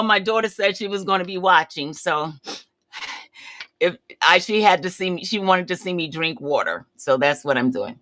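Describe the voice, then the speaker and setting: There's no echo on the medium-pitched voice of this woman in her seventies, who's hosting a laid-back livestream. She chats openly through a story, quoting others with plenty of animation.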